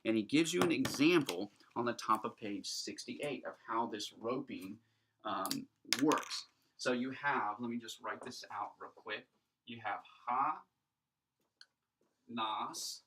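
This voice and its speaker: Homem professor explicando, voz distante do microfone. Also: male voice, mid-range voice, slow pace, a bit bright, a little hiss or hum. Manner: explanatory, thinks aloud while writing, asks rhetorical checks. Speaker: Greek teacher. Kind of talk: recorded classroom lecture at a whiteboard.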